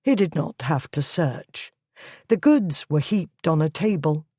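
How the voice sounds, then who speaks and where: An audiobook narrator giving a measured, even scripted reading of a historical romance. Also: mid-range voice, slightly rough, no echo, studio quality.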